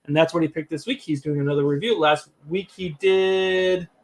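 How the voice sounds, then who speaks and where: A man's voice: a little high, steady tone, normal speed. Easygoing, rambling man co-host. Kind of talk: casual live-stream chat.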